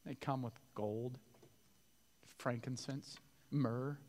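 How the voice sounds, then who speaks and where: A man preaching a sermon as pastor, animated, acting out quoted voices with big swings from quiet to loud. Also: mid-range voice, slow, a little hiss or hum. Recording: reverberant hall.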